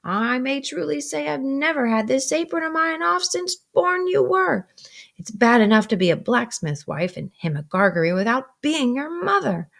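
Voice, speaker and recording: A woman voicing a harsh, bossy older sister who scolds in a shrill, raised voice. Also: sing-song, normal speed, creaky, fairly bright tone, heavily acted. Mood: scolding.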